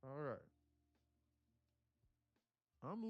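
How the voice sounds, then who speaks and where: Speaking at a moderate pace with frequent pauses, a medium-pitched livestream day trader trades playful jabs with his audience between market calls. Faint music plays underneath, and there's no echo.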